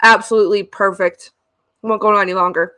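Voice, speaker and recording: A woman's voice: medium pitch, steady tone, fast, bright, forceful tone, dry recording. A woman co-hosting a podcast in casual chat, gushing and laughing often, acting out the people she quotes. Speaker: podcast co-host.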